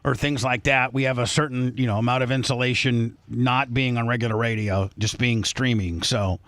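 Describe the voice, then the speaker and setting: A man's voice: mid-range voice, fairly even intonation, normal speed, a bit bright, dry recording. A man hosting a streaming radio talk show, rambling through stories with many restarts in casual banter.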